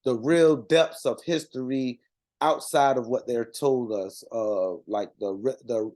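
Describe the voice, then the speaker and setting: A man talks through a loose, unscripted monologue, earnest and conversational. His voice is mellow and warm, never bright, at an ordinary middle pitch. He stops and restarts often, filling gaps with ums and uhs. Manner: halting, many restarts and fillers. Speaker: religious community speaker.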